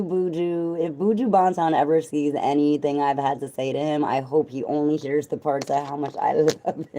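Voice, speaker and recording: A woman with a raspy voice that is still recovering, chatting casually and rambling between jokes and bits of song. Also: low voice, mellow. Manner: rambling, joking, breaks into song. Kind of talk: casual vlog with singing.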